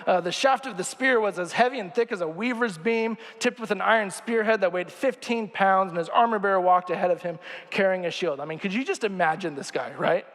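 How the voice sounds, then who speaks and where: A man's voice: high voice, fairly quick, few pauses, fairly bright tone, long reverb tail. A young man preaching a casual sermon, chatty and joking and asking the crowd questions, in a church sanctuary.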